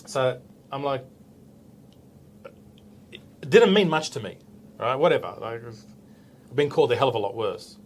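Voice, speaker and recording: Speaking unhurriedly with long pauses, a medium-pitched Australian police officer in his forties relates a story casually in an interview. He stays animated, voices the dialogue himself, and ends remarks with "right?"; there's a slight hiss or hum.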